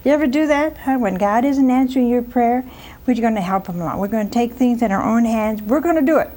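Lady preaching a story sermon, kinda high voice, keeps asking the congregation questions. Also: lively intonation, fairly quick, warm tone. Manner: chatty asides and rhetorical questions to the congregation.

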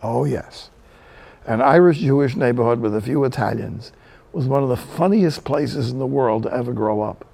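A man's voice: mid-range voice, moderate pace, creaky, mellow, husky. A man from New Jersey preaching a sermon, telling Bible stories with humorous asides. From New Jersey, USA.

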